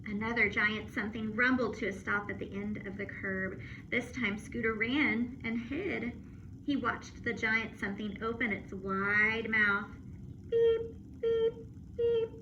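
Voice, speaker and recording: A woman teacher reading a storybook aloud to children on camera, expressive and playful with asides and sound effects. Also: mid-range voice, unhurried. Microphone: phone or camera. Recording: muffled with steady background noise.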